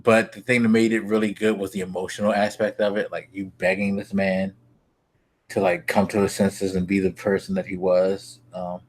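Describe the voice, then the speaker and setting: A man co-hosting a casual gaming podcast, talking excitedly with lots of swearing and fillers. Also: sits low, moderate pace. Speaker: podcast co-host.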